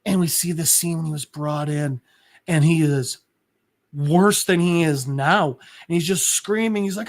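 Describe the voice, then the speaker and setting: Man, fairly high voice, casual podcast chat, animated retelling. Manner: animated retelling, acting out characters' lines. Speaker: podcast co-host. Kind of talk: casual chat recapping a comic.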